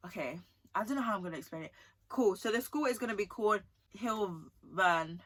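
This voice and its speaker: Young woman, storytime vlog, chatty and emotional, bright voice. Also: mid-range voice, animated, a little fast. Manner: chatty, emotional, often asks 'do you know what I mean'. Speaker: vlogger.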